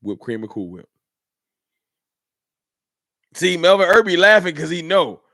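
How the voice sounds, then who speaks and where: A man's voice: fairly high pitch, sing-song, measured pace, creaky, sharp tone, dry recording, studio quality. A man hosting a casual livestream, chatting in a laid-back way and reading out and answering viewer comments. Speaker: livestream host.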